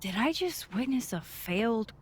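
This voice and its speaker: A woman's voice: a little high, lively intonation, normal speed, husky. An actress playing a dry, direct young woman investigating in a video game. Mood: wry. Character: wry young adult woman photographer investigating.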